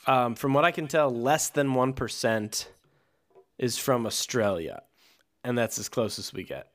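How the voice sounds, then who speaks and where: A man co-hosting a casual podcast, reading a book aloud and joking with a dry, deadpan manner. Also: mid-range voice, unhurried. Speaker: podcast co-host.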